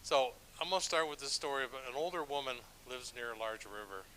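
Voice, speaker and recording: A man's voice: mid-range voice, animated, fairly quick, pushed and bright, a little hiss or hum, rough recording. A middle-aged man, a church elder, preaching a sermon with stories in a conversational, self-deprecating way, with frequent restarts. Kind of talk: sermon with storytelling.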